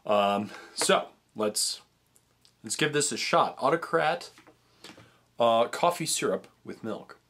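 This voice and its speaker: A man's voice: mid-range voice, expressive, slow pace, fairly bright tone. A young man chatting casually in a food review vlog, rambling with frequent restarts and stumbles. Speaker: vlogger tasting treats.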